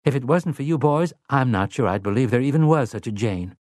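A man's voice: mid-range voice, animated, brisk, darkish tone, no room sound, studio quality, pitched above the performer's own voice, close to an everyday voice. A man voicing a stern, teasing woman. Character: stern, teasing grown woman riding with companions.

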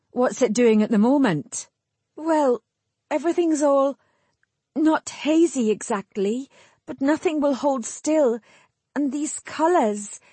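Dazed young woman fighter, halting and lost for words, kinda husky, higher pitched, woman narrator doing her. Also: mellow, no room sound, full character voice. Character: dazed young woman warrior, blunt and bewildered.

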